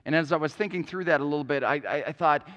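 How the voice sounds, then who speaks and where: A man with an Upper Midwest American accent preaches in a slightly higher-than-average voice, earnest and plainspoken. He often stumbles and repeats a word as he gathers a thought. His voice rings with the long reverb of a church sanctuary. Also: quick pace, a bit bright, dull audio. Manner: earnest, repeats words when starting phrases. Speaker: pastor. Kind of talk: sermon.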